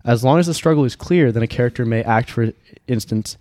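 A man's voice: mid-range voice, a little mellow, no echo. Man reading game rules aloud, dry sound. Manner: measured, reads rules aloud. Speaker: game master.

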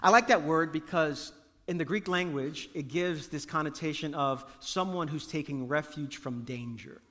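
High-voiced preacher in a reverberant hall. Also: male voice, normal speed, a bit bright. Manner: emphatic preaching with repeated phrases and call to the congregation. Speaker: pastor. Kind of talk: sermon. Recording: long reverb of a large hall.

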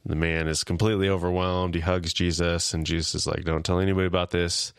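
A man's voice: low-pitched, level tone, fast talker, clean tone, dry recording, clean studio sound. A man co-hosting a podcast, recapping a TV episode casually and lightly acting out the characters' lines. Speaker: podcast co-host.

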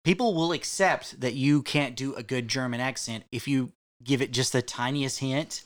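A man in a laid-back podcast about role-playing games. He agrees readily and drops in wry, short asides. His pitch is in the middle of the usual male range. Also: moderate pace. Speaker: podcast co-host.

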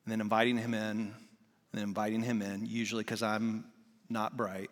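A man in his forties preaching a sermon, telling personal stories with passion, moving from loud outbursts to hushed moments. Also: on the low side, little pitch movement, fairly quick, big-room sound. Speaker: guest preacher.

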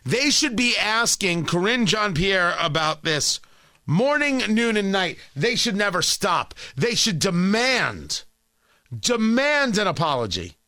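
A man's voice: high-pitched, sing-song, slow pace, bright, forceful tone, dry recording, studio quality. A man delivering an indignant opinion monologue, sarcastic, sometimes mocking other voices. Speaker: political commentator.

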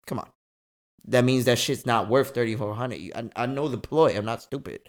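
A young man hosting a podcast, telling a story in casual chat, slangy and animated, swearing freely. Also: mid-range voice, brisk. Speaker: podcast host.

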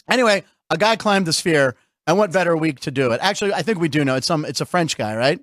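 High-voiced joking male sports show host. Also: fast, few pauses, no echo, studio quality. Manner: animated, jokey, puts on mock announcer voices. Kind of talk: joking radio-style banter. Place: studio.

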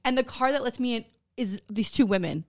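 A woman co-hosting a podcast, telling a personal story in casual chat, animated and swearing freely. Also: on the high side, a little fast. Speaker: podcast co-host.

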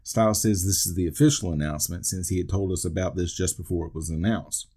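A man's voice: sits low, steady tone, fast, warm tone, slightly rough. A man hosting a podcast, narrating a play-by-play recap of a wrestling match and dropping dry wisecracks between the moves. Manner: dry asides and wisecracks between call-outs. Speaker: podcast host.

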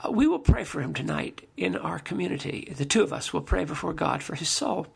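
A gentle nun, as a man quotes her offers soft, sincere sympathy. The voice underneath is gravelly and husky, with a slightly raised pitch. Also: very animated, fairly quick, exaggerated voice. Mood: consoling. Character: gentle, meek adult woman nun.

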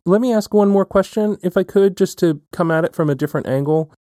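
A man's voice: high voice, fast talker, mellow, no room sound, clean studio sound. A man hosting an academic talk, building long, careful questions and often checking in with "right?". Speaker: podcast host. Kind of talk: academic conversation.

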